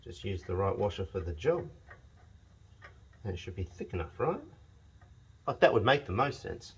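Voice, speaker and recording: A man's voice: on the low side, lively intonation, a little fast, pauses often, breathy edge, muffled recording. Man muttering to himself in his shed. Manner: mutters to himself and talks to the parts as he works; wry, grumbling, self-mocking. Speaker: home mechanic and channel host. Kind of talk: casual workshop vlog, thinking aloud. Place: home shed or garage.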